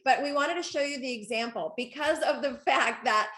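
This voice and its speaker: Woman host of a coaching call, excitable and chatty, slightly high voice, echoey room. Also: normal speed. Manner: excitable, laughing, talks to the audience directly. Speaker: network marketing coach. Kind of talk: live group coaching call.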